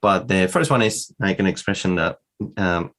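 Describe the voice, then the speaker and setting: Deep-voiced man with an Argentine accent. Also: expressive, fairly bright tone. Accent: Argentine Spanish. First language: Spanish. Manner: halting, repeats words while searching. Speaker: podcast co-host. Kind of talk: casual bilingual chat.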